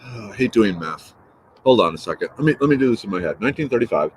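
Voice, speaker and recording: A man's voice: fairly low pitch, animated, fast talker, slight background noise, poor audio. A man in his fifties chatting on an early-morning live stream, greeting viewers by name and answering their comments in a playful, rambling way. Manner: playful, repeats words and trails off. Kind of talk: casual live-stream chat.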